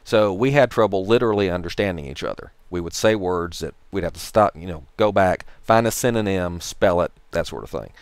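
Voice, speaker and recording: A man with a Tennessee accent talks to the camera in a low, smooth voice. He tells his story in a rambling, dryly sarcastic way. The sound is close and dry, with no room echo. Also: a little fast, few pauses. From Tennessee, USA. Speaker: vlogger. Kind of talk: casual talk to camera.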